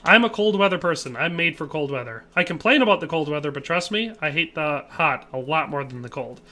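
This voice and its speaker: A man's voice: fairly high pitch, animated, brisk, sharp tone. A man from Wisconsin, chatting casually with his viewers while he plays a game on a live stream. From Wisconsin, USA. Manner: chatty, reads viewer chat aloud and answers it.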